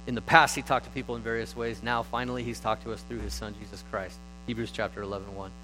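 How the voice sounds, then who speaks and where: A man giving a sermon, retelling stories in a relaxed, conversational way with animated stretches. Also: fairly low pitch, fast, faint music behind, poor audio. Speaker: preacher.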